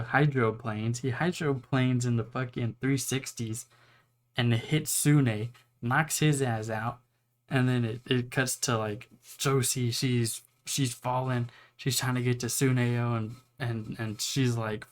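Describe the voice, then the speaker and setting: Slow-talking young man recapping a plot. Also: medium pitch, steady tone. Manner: rambling, profane, acts out the characters' lines. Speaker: anime reviewer.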